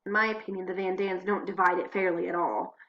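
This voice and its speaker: A woman reading diary entries aloud at home into a computer mic, expressive, slowing and hushing for dramatic moments. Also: lowish voice, dull audio. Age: adult. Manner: expressive, slows and hushes for drama. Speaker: diary reader.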